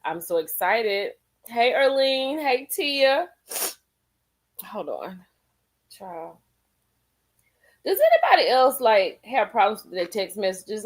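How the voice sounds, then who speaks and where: A woman's voice: medium pitch, animated, slow pace, long pauses. A woman hosting a casual live stream, chatting with viewers, greeting them by name and laughing often. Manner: folksy, calls people girl and honey.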